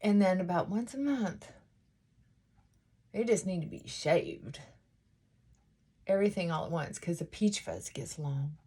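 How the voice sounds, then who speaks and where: A woman vlogger chatting casually while getting ready, talking things through in a thoughtful, unhurried way with frequent pauses and fillers. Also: on the low side, expressive, mellow, breathy edge. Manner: unhurried, reflective, thinking aloud.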